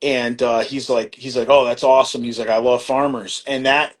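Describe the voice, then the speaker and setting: A man's voice: medium pitch, steady tone, moderate pace. Laid-back middle-aged man telling a story. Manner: rambling, many fillers and restarts, acts out quoted exchanges; laid-back, swears casually. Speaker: podcast guest. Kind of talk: casual storytelling conversation.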